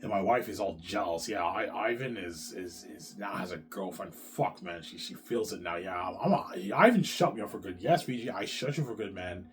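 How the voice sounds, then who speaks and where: A man's voice: sits low, moderate pace, hardly any pauses. A man talking straight to his viewers in a long, rambling, profane monologue, repeating himself and restarting his sentences. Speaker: vlogger.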